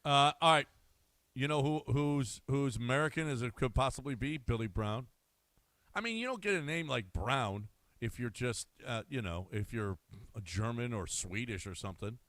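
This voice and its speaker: A man's voice: medium pitch, expressive, normal speed, a bit bright, no echo. A man co-hosting a sports radio show, teasing his partner and telling loose stories. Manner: dry teasing, storytelling. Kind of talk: casual studio banter. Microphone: studio microphone.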